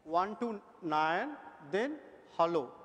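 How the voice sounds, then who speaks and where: A man, an energetic conference presenter coaxing an audience through speaking drills with repeated cues. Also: high-pitched, takes it slowly. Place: large conference hall. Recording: long hall reverb.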